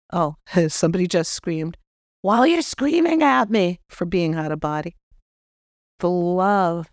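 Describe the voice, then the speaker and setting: A woman spiritual medium leads a guided spiritual talk, speaking gently and directly to the listener. Her voice is smooth and clean. The recording is dry and close. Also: fairly low pitch, no echo. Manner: gentle, addresses the listener directly with soft instructions.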